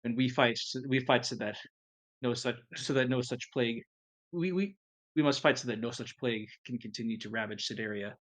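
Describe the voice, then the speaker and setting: A man's voice: mid-range voice, a little fast, a bit bright, close to an everyday voice. A man voicing a kind, earnest female robot companion who speaks in short, solemn declarations in a tabletop game. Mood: gentle, solemn.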